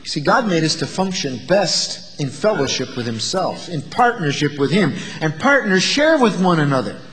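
A man preaching a sermon, asking the listeners rhetorical questions and moving between loud, emphatic lines and quiet asides. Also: fairly high pitch, very animated, normal speed, hardly any pauses, long reverb tail.

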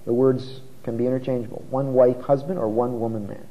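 A man preaching an expository sermon, who slows down and stresses key words, recorded muffled in a large church hall. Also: mid-range voice, fairly even intonation.

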